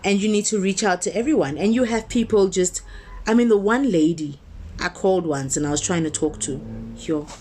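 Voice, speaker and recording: A woman minister giving a motivational sermon-style talk. She speaks conversationally and with emphasis, slowing down to stress key words and building her points through repetition. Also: lowish voice, a little mellow.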